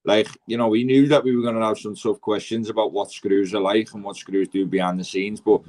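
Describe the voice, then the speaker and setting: A man's voice: fairly low pitch, level tone, a little fast, a little mellow. A man hosting a casual chat, talking loosely with lots of "like" and "mate". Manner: loose, filler-heavy, "like" and "mate". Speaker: host, former prisoner.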